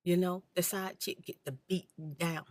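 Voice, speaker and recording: Speaking at a moderate pace in a lowish, level voice, a woman hosting an ASMR channel tells her personal story gently yet bluntly and candidly, occasionally whispering. There is no echo.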